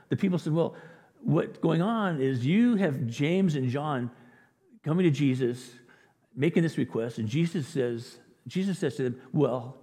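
A male pastor delivering a sermon, slipping into lively voices for the people in his story. His voice is slightly husky and medium in pitch. The recording carries a long, echoing reverb, as if made in a large hall.

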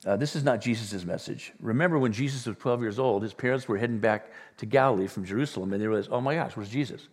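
A middle-aged man preaches a sermon in a mid-range voice. He tells his stories with animated quoted voices. The hall's long reverb trails behind his words. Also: mid-range voice, fast, few pauses, slightly rough. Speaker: pastor. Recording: church hall with long reverb.

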